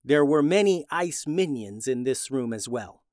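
A man narrating a children's adventure story in a lively, expressive way. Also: medium pitch, measured pace, dry recording, studio quality.

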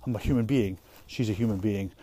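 Out walking in the woods, a young vlogger and parent chats casually in a brisk, warm voice on the low side, with no echo. His talk is rambling and profane, full of trailing off and starting over.

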